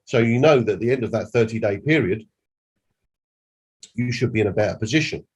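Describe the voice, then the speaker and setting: A man's voice: on the low side, lively intonation, a little fast, husky. A man, a company director, giving an emphatic, repetitive training presentation and demonstrating on screen.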